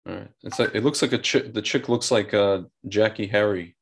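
A man's voice: lowish voice, brisk, vocal fry, slight background noise. A man co-hosting a casual podcast, agreeable and blunt, who chimes in often. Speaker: podcast co-host.

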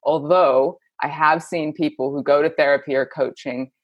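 A woman's voice: low voice, fairly even intonation, moderate pace, no room sound, highs cut off. A woman who works as a coach and therapist, speaking candidly and expressively as a podcast guest. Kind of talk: candid conversational interview.

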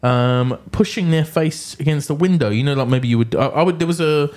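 A man's voice: on the high side, brisk, a little mellow. A man co-hosting a podcast in a casual chat, wry, often stumbling and restarting. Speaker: podcast co-host.

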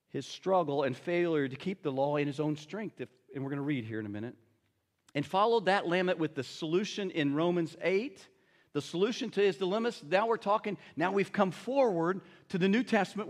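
A man's voice: high voice, big-room sound. A man preaching a sermon and reading scripture aloud, talking to the congregation in a casual way and often checking in with them. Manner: conversational, addresses congregation with tag questions.

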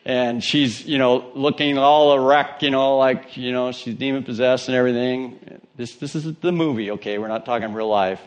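A man's voice: medium pitch, steady tone, normal speed, few pauses. A man preaching a sermon in a church, telling stories in a conversational way and joking with his congregation. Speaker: pastor.

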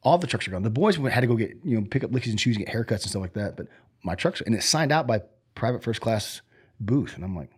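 A man's voice: on the low side, expressive, fast talker, slightly rough. A middle-aged man, a former Army sergeant, telling stories in a casual interview, rambling with many fillers and restarts.

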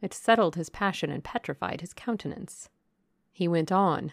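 A woman with a low, gravelly voice narrates a classic novel from a script as an audiobook narrator. She reads at a moderate pace, and the studio sound is clean, with no room sound.

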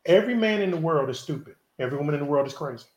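Fast, emphatic man in his forties. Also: a little high, expressive, echoey room, a loud crowd. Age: 40s. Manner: preachy, emphatic, acts out quoted dialogue. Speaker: podcast host. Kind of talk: casual group discussion.

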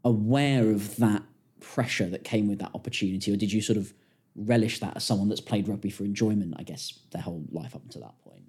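A man's voice: lowish voice, fairly quick, darkish tone, husky. A man hosting a podcast, asking curious, enthusiastic follow-up questions in a conversational interview. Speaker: podcast host.

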